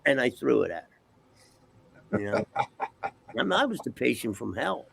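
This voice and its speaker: A man telling a profane, animated story as an interview guest, acting out the dialogue. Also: mid-range voice, moderate pace, creaky, pauses often, husky. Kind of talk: casual storytelling.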